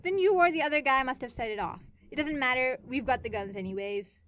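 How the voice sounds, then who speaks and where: A woman reads as a gruff, cruel older villain, a man with a cold, grumbling delivery. The voice stays near her own, with some lift in pitch, in a fan fiction reading. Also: expressive, brisk, fairly bright tone.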